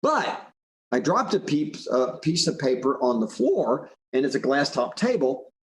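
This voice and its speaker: A man's voice: medium pitch, big pitch swings, a little slow, echoey room, slight background noise. A man voicing an eager, clever little boy in a told story. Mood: explaining.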